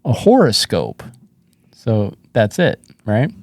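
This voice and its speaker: Animated male comedian telling a story. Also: fairly low pitch, slow pace, no echo. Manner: animated, acts out voices in his stories. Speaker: podcast host and comedian. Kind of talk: casual storytelling.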